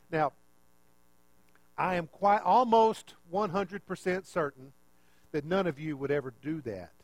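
A man preaching a conversational, animated sermon, full of rhetorical questions. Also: fairly high pitch, normal speed, long pauses, no room sound, poor audio.

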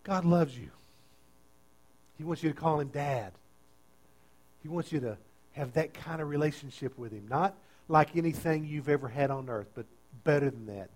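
A pastor preaching a sermon with great energy, swinging from quiet, tender lines to loud, emphatic ones. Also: male voice, medium pitch. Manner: dynamic preaching, swinging between soft and loud.

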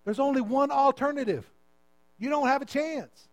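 A man's voice: extremely high pitch, moderate pace. A male pastor preaching an impassioned sermon into a handheld microphone in a church, pleading with his listeners. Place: church sanctuary.

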